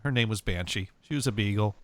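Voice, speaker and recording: A man's voice: lowish voice, fast, a bit bright, dry recording. A man streaming, reacting to prank calls and telling a story, laughing and rambling casually on a close mic.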